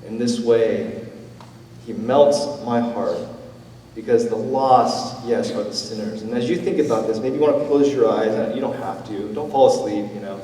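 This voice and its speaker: A man preaching a sermon as pastor, with a conversational, gentle manner and casual fillers. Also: medium pitch, moderate pace, slight background noise. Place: church sanctuary. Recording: roomy church hall, from a distance.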